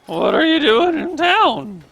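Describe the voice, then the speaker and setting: A man's voice: extremely high pitch, big pitch swings, takes it slowly, vocal fry, fairly bright tone, pitched above the performer's own voice, full character voice. A man doing Wart, a voice-cracking apprentice. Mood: cheerful. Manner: cracking pubescent voice. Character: adolescent male apprentice, cheerful.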